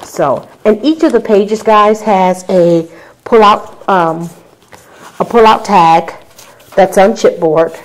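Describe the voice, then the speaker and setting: A woman's voice: medium pitch, slow pace, poor audio. A woman casually walking viewers through a handmade scrapbook album, chatty and full of ums and little asides to the audience. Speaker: crafter showing a handmade album. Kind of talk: casual show-and-tell tutorial.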